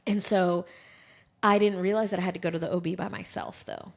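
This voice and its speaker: A woman in her thirties with a fairly low, vocal-fried voice talks briskly. Co-hosting a podcast, she tells a personal story in casual conversation, a lively storyteller who acts out what people said.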